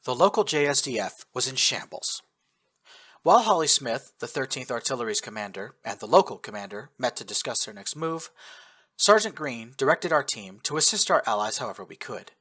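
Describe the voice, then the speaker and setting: An expressive man reads a first-person war tale aloud with lively storytelling. His voice is bright and forward, and his pitch moves freely over a wide range. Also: a little fast, slightly rough. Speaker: narrator. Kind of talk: first-person audiobook narration of fan fiction.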